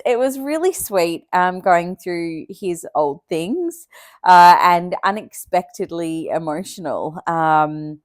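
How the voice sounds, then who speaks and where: A woman's voice: fairly low pitch, dry recording, clean studio sound. A young woman chatting casually to camera as a vlogger, with lots of fillers and easy laughter. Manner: chatty, many fillers and likes, laughs often.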